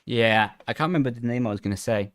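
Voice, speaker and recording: A young man streams a racing game from his home sim rig room, speaking fast into a headset mic in a mid-range voice. He chats casually and rambles while reading chat aloud with flat intonation.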